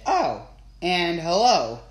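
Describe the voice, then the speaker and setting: A narrator voicing a hyper, fast-talking young male blue hedgehog in an audiobook reading, recorded in a roomy space. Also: mid-range voice. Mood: chirpy. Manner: excited, shouty. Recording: roomy with faint ambience.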